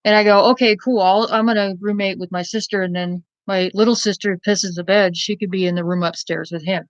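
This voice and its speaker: A woman's voice: mid-range voice, steady tone, brisk, dry recording, muffled recording. A woman casually telling a personal story in a blunt, rambling way, with many fillers and some swearing.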